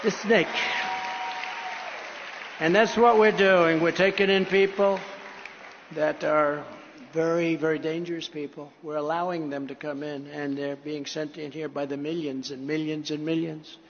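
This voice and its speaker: Man, rally speech, rambling, high voice, echoey hall, lo-fi. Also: fairly even intonation, a little slow, a faint crowd, a little hiss or hum. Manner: rambling, swings from loud to low and muttered. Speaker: political speaker at a rally. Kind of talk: rally speech and poem recitation. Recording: echoey hall, dull lo-fi sound.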